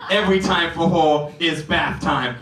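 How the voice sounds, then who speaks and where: A man's voice: a little high, a little slow, fairly bright tone. A man putting on a cheeky four-year-old comic. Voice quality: odd kid voice that weirds people out. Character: four-year-old boy doing stand-up, cheeky, gross-out jokes. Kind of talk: stand-up comedy character bit. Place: comedy club stage. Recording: roomy club, distant mic, crowd laughter.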